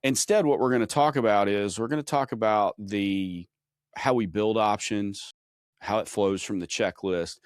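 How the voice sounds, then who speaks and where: A man with a low voice hosts a podcast and explains his points in an energetic, conversational way. The sound is dry and close, with no room echo. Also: moderate pace, clear, resonant tone. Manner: energetic, explanatory, many restarts. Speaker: podcast host. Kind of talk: instructional podcast chat.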